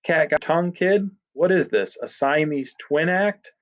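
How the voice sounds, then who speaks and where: A man's voice: mid-range voice, lively intonation, measured pace, natural voice. A man voicing a burly, menacing biker gang boss who taunts and threatens. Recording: dull lo-fi recording.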